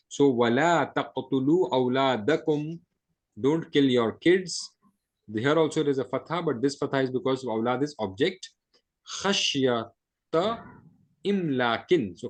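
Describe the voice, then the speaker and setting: A man teaching an Arabic grammar lesson, explaining step by step, checking in with "right?" and reciting Arabic phrases quickly between slower English explanations. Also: mid-range voice. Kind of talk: classroom lesson.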